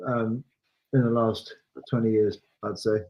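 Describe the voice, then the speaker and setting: A man, a guest singer, chatting on a video call in a halting way with many pauses and restarts. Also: on the low side, flat delivery, dull audio. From England. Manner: hesitant, lots of ums and restarts. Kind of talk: casual video call chat.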